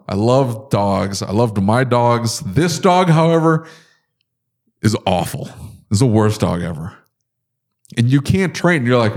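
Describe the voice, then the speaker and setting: A man talking in a casual podcast chat, his pitch swinging widely as he rants. He sounds exasperated and animated, telling stories with plenty of energy. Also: unhurried. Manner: animated, exasperated ranting with big pitch jumps.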